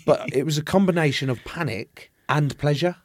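An English man in his thirties hosting a podcast, telling a story in lively, sweary, casual chat. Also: fairly high pitch, normal speed, no echo. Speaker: podcast host.

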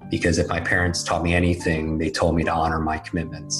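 A man's voice: a bass voice, monotone, quick pace, music in the background, rough recording. A man telling a personal story in a candid, self-deprecating, conversational way. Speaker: speaker telling his life story. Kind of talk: storytelling talk.

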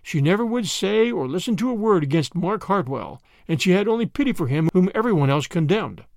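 A man narrating a classic short story as a podcast host, in an expressive storytelling way. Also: high-pitched, brisk, creaky, dry recording, studio quality.

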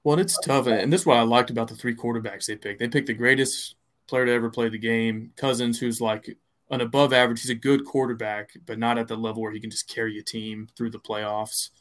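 A man's voice: medium pitch, fairly even intonation, fairly quick, fairly bright tone. Rambling man in casual sports chat. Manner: rambling, many fillers and restarts. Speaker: podcast co-host.

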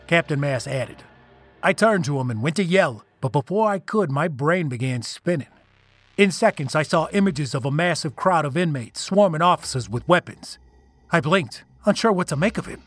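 A man narrating a dramatic first-person story, in an expressive delivery. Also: on the high side, moderate pace, soft background music.

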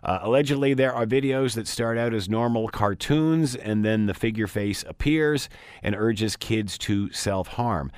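A man's voice: lowish voice, a little slow, clean tone, dry recording, clean studio sound. A man hosting a talk radio show, interviewing guests in a conversational way with fillers and restarts.

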